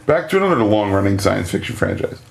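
Chatty man with a lowish voice. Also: very animated, quick pace, vocal fry, slight background noise. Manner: chatty, jumps into high-pitched quoting voices. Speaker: podcast co-host. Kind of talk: casual chat recapping a TV episode.

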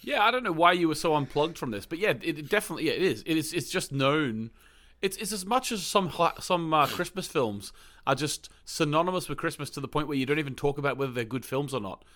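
A man's voice: on the high side, expressive, fast talker, fairly bright tone. A man co-hosting a movie podcast, chatting casually, laughing often and sharing film trivia. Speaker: podcast co-host. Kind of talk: casual chat.

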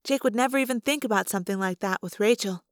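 A woman narrates a first-person novel chapter by chapter, telling the story in a steady, expressive way. Her voice sits at an ordinary middle pitch, and the recording is close and dry with no room sound. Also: quick pace, no room sound. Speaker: audiobook reader.

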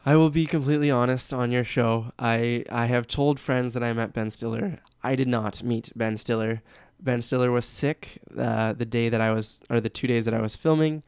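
A man's voice: mid-range voice, steady tone, moderate pace, few pauses, darkish tone, clear, resonant tone, no echo, studio quality. A young man from Canada, a sports announcer guest, chatting candidly and laughing easily. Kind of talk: casual interview chat.

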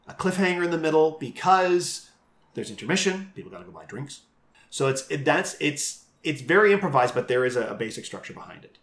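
Male game master, animated chatter and frequent laughs, echoey room sound. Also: medium pitch. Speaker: game master of a live show. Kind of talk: casual interview chat.

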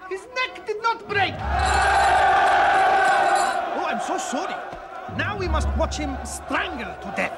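An actor playing a greedy, blustering prison warden who haggles over a bribe, heard in a film clip. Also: male voice, very high-pitched, very animated, normal speed, very noisy, full character voice. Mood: mocking. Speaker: film character. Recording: film clip with loud music and crowd, far.

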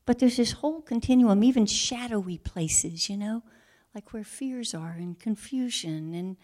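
A woman preacher from the States, delivering a sermon that moves between hushed whispers and forceful, emphatic declarations. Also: a little high, unhurried. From southern United States.

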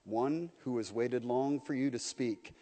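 This is a vast, ancient male lion speaking from the dark, put on by a man reading to a congregation. The voice is deep and hushed, slow and solemn but gentle. A long church reverb trails after each phrase. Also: natural voice. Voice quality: deep, quiet and low.

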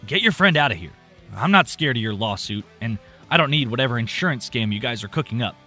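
A man playing a gruff, dismissive shop clerk. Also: medium pitch, sing-song, brisk, pushed and bright, faint music behind. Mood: irritated. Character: irritable grumpy male store clerk.

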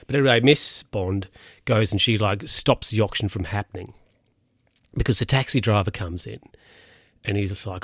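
A man's voice: on the low side, moderate pace, pauses often, fairly bright tone, dry recording, studio quality. A man casually recapping a film's plot, rambling, with lots of fillers and self-corrections. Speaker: film recap host.

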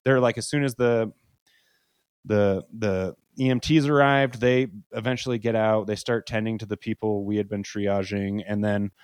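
A man's voice: lowish voice, steady tone, moderate pace, a little mellow, clean tone, dry recording, clean studio sound. A young man, a podcast guest, telling a story in a loose, profane way with lots of "like". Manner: loose and profane, heavy use of "like". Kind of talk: casual spoken storytelling.

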